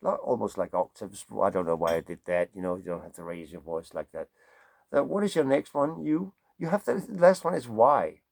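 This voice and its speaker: A man's voice: fairly low pitch, animated, normal speed, creaky, a little mellow, no room sound. A man from Denmark with a Danish accent, a songwriter musing in a rambling, digressive way and playing with vowel sounds. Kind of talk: casual musing monologue.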